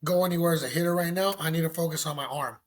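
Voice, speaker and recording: A man telling a story as a podcast guest, animated and slangy. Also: fairly high pitch, rapid-fire. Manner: animated, slangy, acts out quotes. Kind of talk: casual storytelling.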